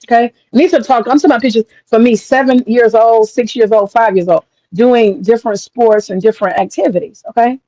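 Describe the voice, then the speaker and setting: A woman's voice: fairly high pitch, fairly quick, few pauses, warm tone, no room sound, lo-fi sound. A woman talking in a blunt, profane casual monologue as a commentator, acting out other people's voices as she goes.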